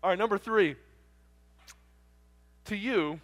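High-voiced preacher telling a story. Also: male voice, measured pace, long pauses. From South Jersey, near Philadelphia. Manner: animated storyteller acting out dialogue. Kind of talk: storytelling sermon. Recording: long reverb in a large hall.

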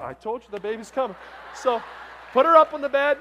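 A middle-aged man preaching a sermon, telling a story with acted-out voices that swing from loud bursts to hushed, tender moments. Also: very high voice, lively intonation, a little fast, a little hiss or hum.

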